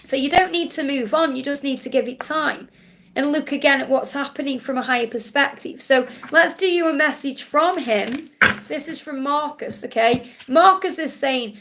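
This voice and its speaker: A woman with a high voice hosts a live-stream card-reading session and answers viewers' questions one after another. She speaks in a soothing, reassuring way and circles back to the same comforting phrases again and again. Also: moderate pace, fairly bright tone, a little hiss or hum. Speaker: spiritual card reader hosting a live Q&A.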